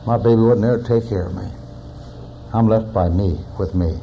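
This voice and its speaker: A man's voice: lowish voice, moderate pace, vocal fry, mellow, highs cut off, a little hiss or hum. A man in his forties, a recovering alcoholic, giving a personal testimony in a plainspoken storytelling manner with wry humor. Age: 40s.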